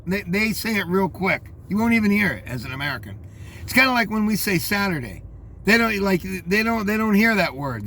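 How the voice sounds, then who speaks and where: A man's voice: high voice, big pitch swings, brisk, bright, forceful tone, a little hiss or hum. An older man reading out news headlines and commenting on them in a rambling, scornful way, talking straight to his listeners.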